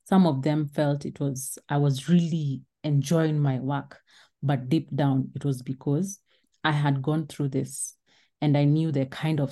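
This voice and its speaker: Thirties woman, low mellow voice kinda shaky, earnest reflective interview guest. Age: 30s. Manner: earnest, reflective, sometimes trailing off. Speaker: interview guest, lawyer and advocate. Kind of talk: personal testimony in an interview.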